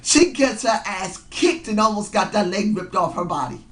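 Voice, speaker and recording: Hoarse, sleepy, rambling man. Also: sits high, normal speed. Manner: rambling, excitable fan talk. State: hoarse from yelling; sleep-deprived, slightly slurring. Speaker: wrestling show reviewer. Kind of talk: casual review vlog.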